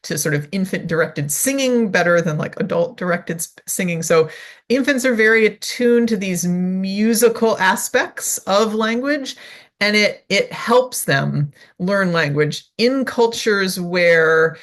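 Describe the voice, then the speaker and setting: A woman's voice: medium pitch, unhurried. Chatty woman explaining research. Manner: animated and chatty, with many fillers like "like" and "right?". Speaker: interview guest, violist and music cognition researcher. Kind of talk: casual interview explaining research.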